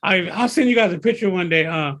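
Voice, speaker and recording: Excitable high-voiced trainer man, husky. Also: brisk. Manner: excitable, emphatic, repeats himself. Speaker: personal trainer. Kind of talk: casual interview talk.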